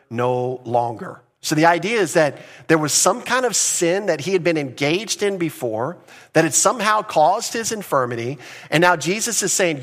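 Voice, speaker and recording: A male pastor teaching through scripture from the pulpit. His voice sits a little higher than most men's. He speaks earnestly, restarts phrases and slows down to stress key words. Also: a bit bright. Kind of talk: expository sermon.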